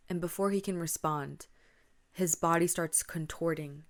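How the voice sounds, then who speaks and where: A woman's voice: lowish voice, normal speed. A woman hosting a podcast, casually retelling spooky stories in a chatty, conversational way with fillers. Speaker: podcast host.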